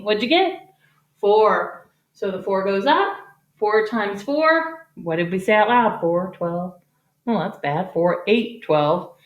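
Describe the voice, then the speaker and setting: A middle-aged woman teacher giving a playful, upbeat math lesson to children from her home garage, filmed at a whiteboard. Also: mid-range voice. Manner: upbeat, playful, talks to kids. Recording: echoey garage.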